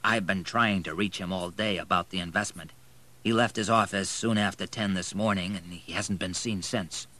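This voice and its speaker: A man's voice: deep voice, fairly even intonation, normal speed, bright, forceful tone. A man voicing a remorseful older banker. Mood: subdued.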